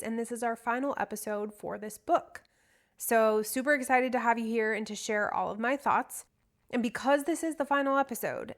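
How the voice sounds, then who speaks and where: A young adult woman hosting a book podcast, talking casually and candidly, a little rambling. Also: fairly high pitch. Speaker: podcast host. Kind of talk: casual solo podcast chat.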